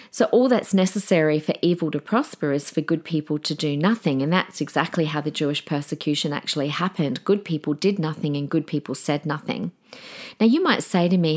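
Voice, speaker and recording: Lowish-voiced woman host, earnest and emphatic, acts out little back-and-forth dialogues. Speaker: podcast host. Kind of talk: impassioned monologue.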